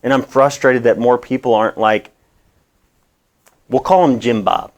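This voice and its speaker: This is a man in the middle of a health vlog, talking right to the camera. He preaches with real passion and keeps drifting into rambling asides. His voice sits at an ordinary middle pitch for a man. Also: measured pace, lo-fi sound. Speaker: wellness doctor host.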